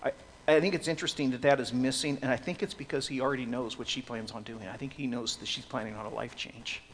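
Emphatic preacher in a reverberant hall. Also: male voice, medium pitch, fairly even intonation, fast, a little hiss or hum. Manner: swings from hushed to loud, emphatic preaching. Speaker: pastor. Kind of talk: expository sermon.

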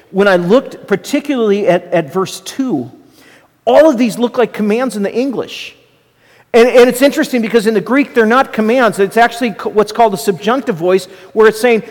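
A middle-aged man, a pastor and school administrator, preaching a sermon in a conversational teaching manner with asides. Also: high voice. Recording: long hall reverb.

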